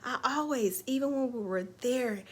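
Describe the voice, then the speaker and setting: Hosting an online live show, a woman chats casually and with real emotion about her faith and how her week went. Her voice is a little high and moves at a moderate pace, with slight background noise. The talk is heartfelt and faith-filled, in the manner of a relaxed livestream.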